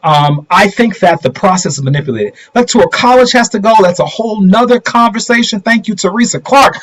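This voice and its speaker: A man's voice: high-pitched, lively intonation, fairly quick, a bit bright, rough recording. A middle-aged man hosting a casual political commentary livestream, talking straight to viewers and asking them rhetorical questions.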